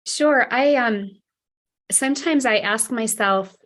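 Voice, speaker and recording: A woman's voice: on the high side, slow, a bit bright. A woman guest speaking earnestly and emotionally about her struggles. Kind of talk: casual chat.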